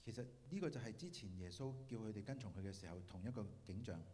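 A man with a low, dark, mellow voice interprets a sermon into Cantonese at a rapid clip, stumbling now and then over fillers. A long hall reverb trails behind his words. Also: animated. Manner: quick and halting, with fillers.

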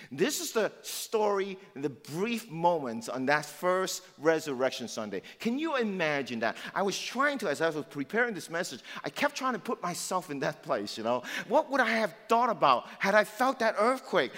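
A man preaching an Easter sermon, retelling the story with swings from loud to hushed. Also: on the high side, in a large hall. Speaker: pastor.

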